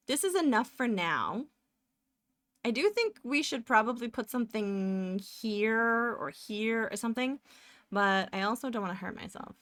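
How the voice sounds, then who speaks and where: A woman's voice: fairly high pitch, fairly bright tone, dry recording, clean studio sound. A woman live streaming as she draws, chatting casually and rambling as she narrates her work and often laughs. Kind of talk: casual chat while drawing live.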